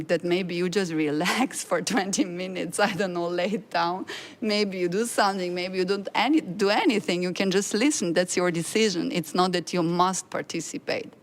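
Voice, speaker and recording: A woman composer answering a question on a panel, speaking in a searching way and laughing between phrases. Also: lowish voice.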